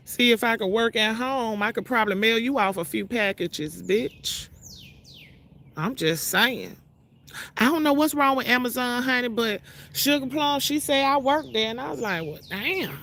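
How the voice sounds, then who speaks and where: A woman from Mississippi calls someone out to her viewers in a brash, profane, confrontational rant. Her voice sits a little high and comes across bright and forceful. She is talking outdoors. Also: normal speed. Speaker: vlogger. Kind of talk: ranting call-out vlog to viewers. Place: outdoors outside her trailer.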